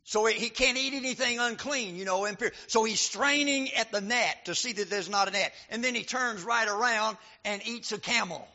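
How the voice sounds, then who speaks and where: A male preacher giving a sermon, reading scripture and building to emphatic, shouted points. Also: sits high, normal speed, few pauses. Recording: dull lo-fi recording.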